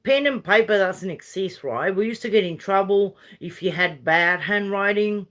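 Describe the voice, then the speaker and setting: A woman's voice: mid-range voice, moderate pace, fairly bright tone. An older woman from Uruguay with a Uruguayan Spanish accent, Spanish her first language, chatting and ranting in a rambling way to her camera, sprinkled with Aussie slang and mild swearing. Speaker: vlogger. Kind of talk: casual rambling rant.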